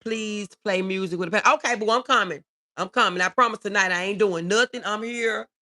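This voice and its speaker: A woman's voice: medium pitch, brisk. A middle-aged woman, hosting a casual livestream, reading viewer comments and talking with feeling. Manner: warm, reads viewer comments aloud, emotional. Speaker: livestream host.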